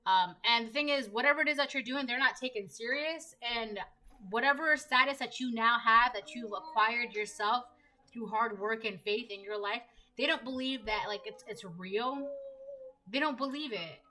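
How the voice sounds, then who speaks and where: Woman tarot reader, fairly high and bright voice, chatty and repetitive, casual card reading. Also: moderate pace, poor audio. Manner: repetitive, conversational, reads cards aloud.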